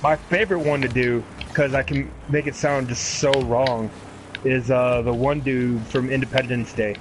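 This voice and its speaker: A man's voice: mid-range voice, steady tone, normal speed, background noise. A man co-hosting a casual gaming stream, joking crudely and swearing a lot. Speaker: podcast co-host.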